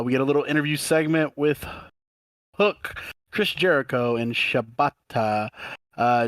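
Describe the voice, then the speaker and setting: A mid-pitched man co-hosts a wrestling podcast in a loose, rambling recap style. He laughs often while quoting lines from the show. The sound is close and dry, with no room echo. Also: a bit bright. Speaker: podcast co-host. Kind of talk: casual wrestling recap chat.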